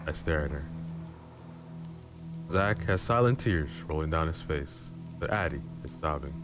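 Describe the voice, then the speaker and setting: A man reading a dramatic story aloud in a low, slow, intimate manner. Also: lively intonation. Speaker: storyteller streamer. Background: background music and rain.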